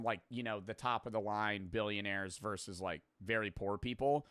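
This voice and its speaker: Dude reacting to a video, bright forceful voice, rambly and swears a lot, dry close sound. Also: male voice, on the low side, clear, resonant tone, no echo. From United States. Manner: rambling, swears freely, laughs at himself. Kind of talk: casual reaction commentary.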